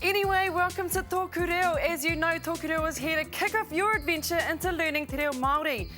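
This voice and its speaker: A woman's voice: very high voice, fairly quick. A woman co-hosting a language lesson show, presenting with light teasing banter. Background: music.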